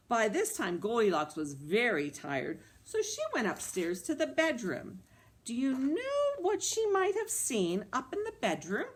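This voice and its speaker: A woman librarian telling a story to young children, animated and coaxing them with questions. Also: fairly high pitch, unhurried.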